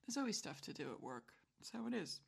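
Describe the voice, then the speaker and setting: A woman's voice: mid-range voice, sing-song, fast talker, gravelly, breathy edge. A middle-aged woman hosting a solo podcast, rambling through a casual monologue with self-mocking humor and frequent chuckles. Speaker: podcast host.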